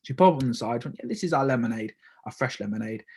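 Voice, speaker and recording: A young man from the UK talks fast through his solo podcast. His voice is husky and a little rough, and he rambles, stopping to correct himself and filling gaps with "um" and "okay". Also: medium pitch, expressive, a little mellow. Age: young adult. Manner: rambling, with many fillers and self-corrections. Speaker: podcast host. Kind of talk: casual solo podcast talk.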